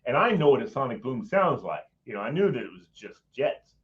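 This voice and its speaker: A man's voice: mid-range voice, a little fast, dull audio. A middle-aged man telling a personal story in casual chat, acting out what people said and chuckling as he goes. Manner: animated, acts out quoted voices, chuckles mid-sentence. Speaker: guest recounting a personal story.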